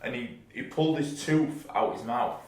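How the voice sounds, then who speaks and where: A young man talks loosely and casually, spinning anecdotes peppered with swearing. His voice sits at a middling pitch. It is recorded in a noticeably echoey room. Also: normal speed, a little hiss or hum. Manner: chatty, swearing anecdote-telling. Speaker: podcast co-host. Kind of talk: casual chat.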